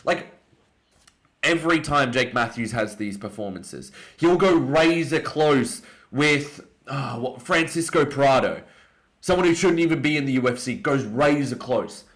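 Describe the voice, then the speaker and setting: Excitable Australian man breaking down fights. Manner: opinionated, excitable, jumps up in pitch on emphasis. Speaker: MMA commentator.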